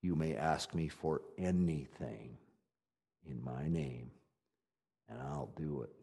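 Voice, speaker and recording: Animated man preaching a folksy sermon. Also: a bass voice, takes it slowly, vocal fry, breathy edge. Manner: animated preaching with big swings from loud to quiet; conversational, folksy asides. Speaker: pastor.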